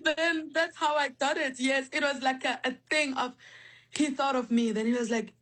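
A woman musician telling stories about her instrument, animated and spiritual, full of restarts and fillers, on a phone line. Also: high-pitched, moderate pace. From South Africa. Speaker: guest musician. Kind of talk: remote interview.

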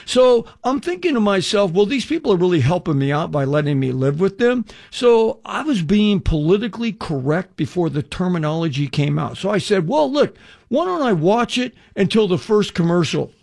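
An older man preaching a radio testimony in a high, lively voice that climbs and dips as he tells his story. He acts out every bit of dialogue, then turns and asks the listener questions directly. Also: moderate pace, gravelly. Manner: animated storyteller acting out dialogue. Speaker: evangelist.

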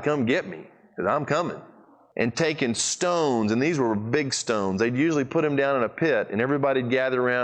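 A man preaching a sermon, retelling a scripture story with animated emphasis, swinging between excited high bursts and low, quiet asides. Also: rough recording.

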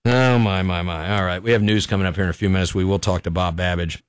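A man hosts a local radio talk show, rambling wryly through the news and chuckling at his own jokes. His low voice moves at a quick pace with fairly even intonation, sounding smooth and echo-free through a studio microphone in the radio studio.

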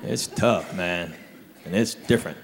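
A man doing a stand-up comedy set, telling stories with animated delivery and quiet low asides. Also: measured pace, creaky. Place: stage in a large hall. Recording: live hall, faint crowd. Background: faint audience and room noise.

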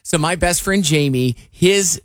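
A man's voice: a little high, a little slow, no echo, clean studio sound. A man hosting a radio show, chatting casually and teasing his co-host. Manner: lively, teasing. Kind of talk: casual on-air banter.

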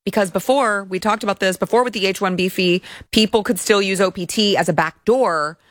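A woman's voice: medium pitch, a little fast, no room sound, clean studio sound. A woman hosting an opinionated commentary show, talking in a sarcastic, mocking way.

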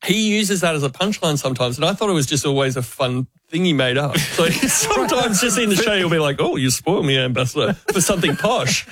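A man who hosts a breakfast radio show, sharing a relaxed anecdote in casual chat. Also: on the high side, brisk, hardly any pauses.

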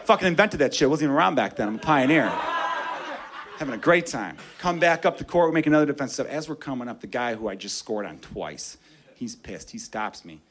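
A man telling a story in a stand-up comedy set, profane, animated and wry. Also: medium pitch, brisk.

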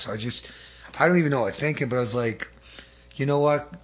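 Husky earnest man preaching. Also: medium pitch, quick pace. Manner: earnest, rambling with restarts and asides. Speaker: lay preacher. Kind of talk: testimony sermon.

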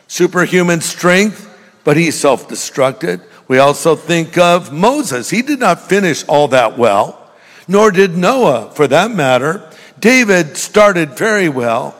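Older pastor, joking sermon, echoing hall. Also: male voice, fairly high pitch, lively intonation, slow, a bit bright. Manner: joking storyteller, direct with the congregation. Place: church. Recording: long reverb of a large hall.

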